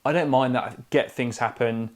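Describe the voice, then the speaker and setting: At normal speed, with a mid-range voice and fairly even intonation, a man tells a casual story as co-host of a living-room podcast. He's an estate agent and a chatty anecdote-teller, speaking in clipped sentences that omit subjects.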